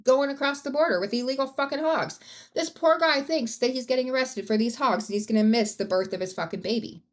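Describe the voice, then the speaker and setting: A woman's voice: high-pitched, fairly quick. A woman hosting a podcast, telling a true-crime story in a casual, blunt and profane way, with rising outbursts. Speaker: podcast host.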